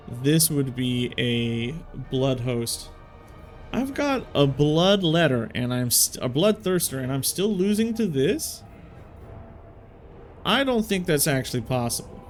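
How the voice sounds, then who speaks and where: A man hosting a strategy game let's play, thinking aloud as he plays and talking in casual slang. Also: mid-range voice. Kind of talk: video game commentary.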